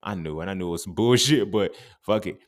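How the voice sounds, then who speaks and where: A young adult man hosting a podcast, talking in a casual, animated monologue full of profanity and street slang. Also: fairly low pitch, quick pace. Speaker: podcast host.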